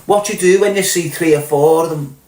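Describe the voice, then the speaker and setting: A man's voice: fairly high pitch, fairly quick, a little mellow, roomy sound, low-quality recording. A middle-aged man with a Liverpool accent, ranting bluntly and swearing, firing rhetorical questions at his viewers. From Liverpool, England. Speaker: podcast host.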